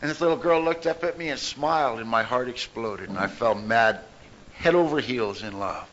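A winded man giving a personal recovery testimony to a meeting room, telling his story earnestly and swinging between loud and hushed. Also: mid-range voice, moderate pace, a little hiss or hum. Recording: dull lo-fi recording.

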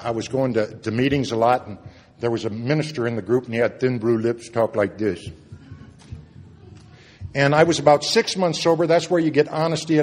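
A man sharing a personal recovery story at a meeting, earnest, moving between loud and hushed moments. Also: a little high. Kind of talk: personal testimony talk. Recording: long reverb of a hall.

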